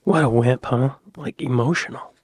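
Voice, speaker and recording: A man's voice: mid-range voice, moderate pace, a little mellow, slightly rough, no room sound. A man, hosting a reaction video in casual talk. He gets emotional and often drops into a whisper. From United States. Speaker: reaction channel host.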